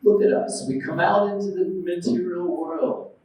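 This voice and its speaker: Here an American man lectures devotionally as a preacher in a temple hall, narrating stories, performing quoted voices, and quizzing his audience. His high voice is a little mellow, lively in intonation, at normal speed. Recording is distant and very reverberant.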